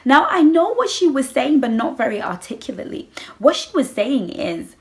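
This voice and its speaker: A woman vlogger chatting casually to camera about relationships, animated and sassy, acting out little scenes and calling her listeners girl. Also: sits high, moderate pace. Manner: animated, acts out little scenes with playful voices. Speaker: vlogger giving relationship advice.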